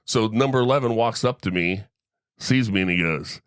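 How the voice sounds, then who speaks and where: A man's voice: on the low side, moderate pace, dry recording, clean studio sound. A middle-aged man hosting a sports podcast, telling a story in casual chat and tagging his lines with "right?". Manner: animated storyteller, tag questions like right?. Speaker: podcast host.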